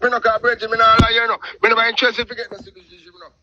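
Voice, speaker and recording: A middle-aged Jamaican man telling a long personal story in patois, animated and talkative, calling in to a show. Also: extremely high pitch, rapid-fire, muffled recording. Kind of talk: casual storytelling on a call-in show.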